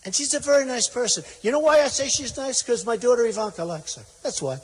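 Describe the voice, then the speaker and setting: Man, high-pitched, rally speaker, rambling and repetitive storyteller, reverberant hall. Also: lively intonation, quick pace, breathy edge. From United States. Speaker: political candidate at a rally. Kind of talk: rally speech. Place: large indoor rally venue. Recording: long hall reverb, faint noise.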